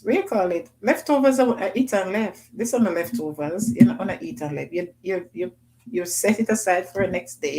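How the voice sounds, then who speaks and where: A woman's voice: on the low side, a little mellow, a little hiss or hum, poor audio. A woman hosting a casual livestream, chatting and reading out viewer comments with patois phrasing. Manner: chatty, laughs often, Jamaican patois phrasing. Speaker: livestream host.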